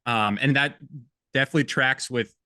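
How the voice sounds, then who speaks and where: Male podcast co-host with a bright, punchy voice and a dry, close sound. He is casual, chatty and joking. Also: medium pitch, normal speed, smooth, no room sound. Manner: chatty, jokey, reads quotes aloud. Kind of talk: casual film-review chat.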